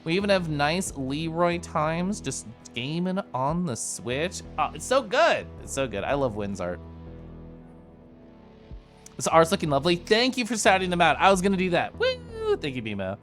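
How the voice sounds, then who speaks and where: A young man hosts a live stream, talking casually and giggling often. His voice sits a little high and swings widely in pitch. Soft music plays underneath. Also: moderate pace. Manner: giggly, animated, chatty with viewers.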